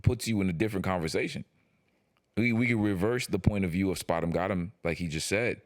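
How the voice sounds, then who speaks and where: A man co-hosting a podcast, talking in loose, slangy casual chat, animated and prone to stumbling over his first words. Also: low voice, brisk, no echo, clean studio sound. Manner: animated, slangy, repeats words when starting a point. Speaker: podcast co-host.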